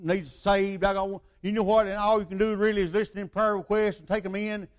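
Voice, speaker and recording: An older man delivers a sermon in a fairly high voice. He tells the story loosely, full of asides and rhetorical questions put to his listeners. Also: little pitch movement, a little fast. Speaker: preacher.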